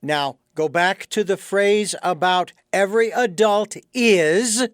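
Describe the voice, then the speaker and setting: A man hosting an interview, asking careful, deliberate questions. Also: sits high, clear, resonant tone, dry recording, studio quality. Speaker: podcast host.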